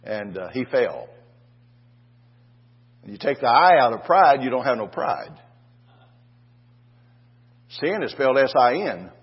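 Older preacher with a husky voice. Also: male voice, medium pitch, big pitch swings, slow pace, long pauses, highs cut off. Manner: folksy, restarts with "and, uh", asks "Amen?" of the congregation. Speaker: pastor. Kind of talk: sermon.

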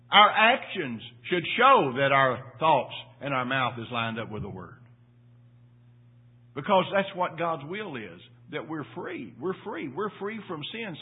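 An older man preaching a sermon in church, swinging from loud emphatic peaks to low quiet asides and repeating phrases for emphasis. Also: breathy edge. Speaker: pastor. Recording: tinny phone-like sermon audio.

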